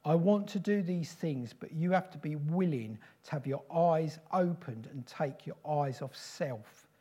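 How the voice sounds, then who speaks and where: A man preaching a prophetic sermon in slow, solemn, repeated declarations. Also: fairly high pitch, warm tone, breathy edge.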